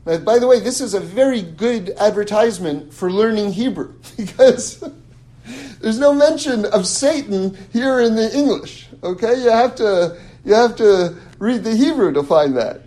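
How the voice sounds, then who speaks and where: A man teaching a scripture class in a lively, casual way, chuckling and repeating words as he thinks. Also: sits high, a little slow, poor audio. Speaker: religious teacher.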